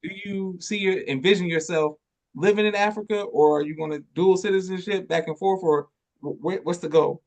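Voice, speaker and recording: A man hosting a podcast in casual interview chat, relaxed and loose with his phrasing. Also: high-pitched, fairly quick. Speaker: podcast host.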